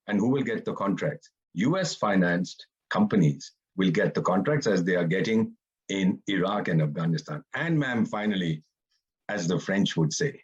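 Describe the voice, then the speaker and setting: Joining the panel by video call, a man in his seventies, a retired ambassador, delivers theatrical, sarcastic remarks laced with mockery. His voice is fairly low, husky, and animated at a moderate pace, in lo-fi sound.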